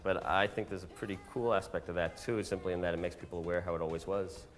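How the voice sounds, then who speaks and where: A male songwriter and producer speaking in a quick, wry, candid monologue with a fairly low voice. His phrases sink and fade at the ends. A long room reverb hangs on his words, with faint music underneath. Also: steady tone.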